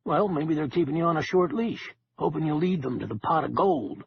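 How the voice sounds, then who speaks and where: A man doing a blunt, gruff older buddy. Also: on the high side, lively intonation, a little fast. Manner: blunt, coarse. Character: gruff loyal older male friend, blunt. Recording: dull lo-fi with faint hiss.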